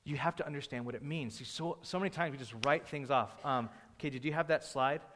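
A man's voice: mid-range voice, fast, a bit bright, a little hiss or hum. A man preaching a sermon, conversational and joking with the congregation. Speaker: pastor. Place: church hall. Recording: long hall reverb.

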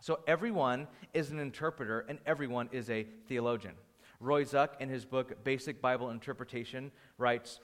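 A man's voice: mid-range voice, moderate pace. Man teaching in a reverberant hall. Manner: conversational, restarts and anecdotes, rising energy when storytelling. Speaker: pastor teaching a church class. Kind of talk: teaching a Bible class.

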